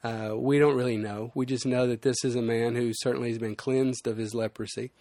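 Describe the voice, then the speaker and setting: A man's voice: mid-range voice, steady tone, a little fast, mellow, dry recording. A man preaching a sermon as pastor, explaining scripture in a conversational way with frequent fillers.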